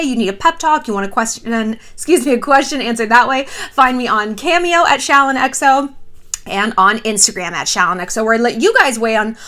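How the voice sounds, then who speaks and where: Host type: chatty woman in her thirties, bright, lively delivery, unfiltered and gossipy. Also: fairly high pitch. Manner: animated, gossipy and frequently profane. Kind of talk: casual chat.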